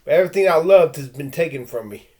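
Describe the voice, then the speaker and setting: A man's voice: a little high, animated, fast, a little mellow. A man vlogging a rambling personal rant, stammering and restarting, growing heated and blunt. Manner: stammering, with frequent restarts and repeated words; intense and heated, with blunt threats.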